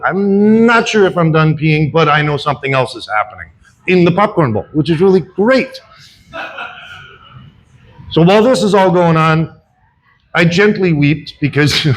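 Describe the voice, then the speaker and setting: A man's voice: a little high, rough recording. Older man telling a rambling stand-up story. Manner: self-deprecating, rambling with repeats and restarts. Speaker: stand-up comic. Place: bar comedy stage.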